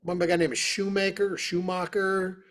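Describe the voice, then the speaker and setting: A man, a guest on an interview, telling stories and answering questions in an animated, casual way over a video call. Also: sits high, normal speed. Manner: animated, lots of fillers. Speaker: orchestra trumpeter, interview guest. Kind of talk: casual storytelling.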